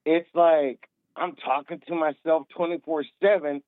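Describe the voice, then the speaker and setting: A man's voice: fairly high pitch, fairly even intonation, unhurried, no echo. A man in his thirties calling in, tipsy from drinking, rambling with lots of restarts and repeats. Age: 30s. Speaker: caller. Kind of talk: casual call-in talk. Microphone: phone. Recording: tinny phone line, dry.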